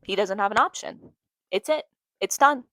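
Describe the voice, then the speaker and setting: A woman's voice: mid-range voice, lively intonation, moderate pace, sharp tone, no echo, low-quality recording. Young woman, solo podcast host, emotional rambling talk, repeats herself, dry close sound. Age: young adult. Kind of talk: casual solo podcast monologue.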